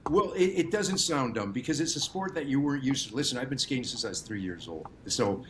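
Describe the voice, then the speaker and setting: Animated middle-aged storyteller man from Montreal. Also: mid-range voice, a little fast, slight background noise. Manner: animated storyteller, hands off lines with "listen" and "you know". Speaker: guest, hockey gear maker. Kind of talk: casual podcast conversation.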